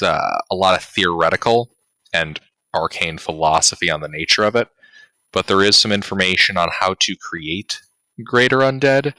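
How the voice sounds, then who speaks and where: A man narrating as game master of a tabletop game, deliberate and pausing as he describes finds. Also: deep voice, sharp tone, dry recording. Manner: slow, deliberate narration with pauses.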